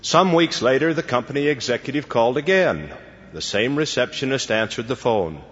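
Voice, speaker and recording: A man, a church leader, giving a formal devotional address to students in a measured, deliberate manner. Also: medium pitch, expressive, a bit bright, husky. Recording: dull lo-fi recording with long hall reverb.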